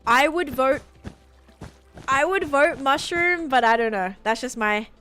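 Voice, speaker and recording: A young Australian woman with an accent half worn toward American chats to her stream, rambling loosely with a filler every few words. Her voice sits a little high, and faint music plays under her talk. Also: lively intonation, measured pace, sharp tone. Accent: Australian, softened toward American. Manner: chatty, rambling, many "like" fillers. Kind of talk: casual chat with live chat.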